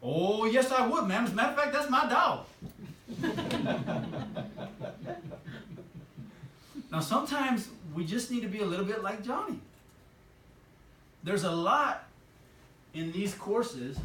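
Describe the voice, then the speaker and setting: A lively male sales trainer speaks to a roomful of trainees with a fairly high, bouncing voice that swings up and down. He pitches questions at the audience. The recording sounds roomy and distant, with a faint hiss. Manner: enthusiastic, animated, asks the audience questions. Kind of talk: live motivational seminar talk. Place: training room with a live audience. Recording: echoey room from far off, light hiss.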